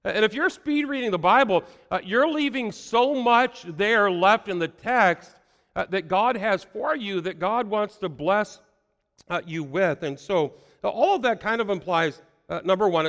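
A man preaching a sermon in an earnest tone, repeating key phrases and filling pauses with "uh". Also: sits high, a bit bright, long reverb tail. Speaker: pastor.

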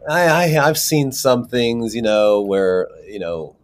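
A man's voice: medium pitch, lively intonation, slow pace. A man, an actor, talking casually in an interview, rambling with many restarts and fillers. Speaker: actor guest.

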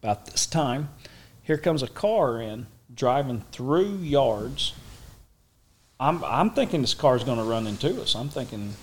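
A man's voice: mid-range voice, animated, unhurried, a little hiss or hum. A middle-aged man with a Southern Oklahoma accent, an interview guest telling a story in a folksy, self-mocking way. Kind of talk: casual storytelling.

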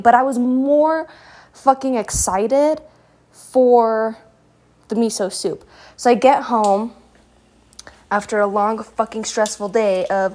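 A woman's voice: fairly high pitch, slow pace, long pauses, darkish tone. Chatty, foul-mouthed young woman vlogger. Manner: chatty, profane, self-deprecating. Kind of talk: casual rambling storytime while cooking. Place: home kitchen.

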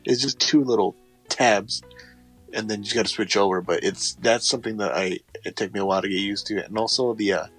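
A man with a lowish voice chats casually about gaming. He rambles, repeats himself and restarts his sentences a lot. Faint music sits under the talk. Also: brisk, fairly bright tone. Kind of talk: casual chat.

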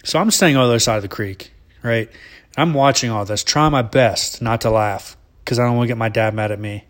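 A man's voice: mid-range voice, brisk. Rambling man telling a story. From Alabama, US. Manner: rambling, profane, laughing often. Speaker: vlogger. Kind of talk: casual storytelling.

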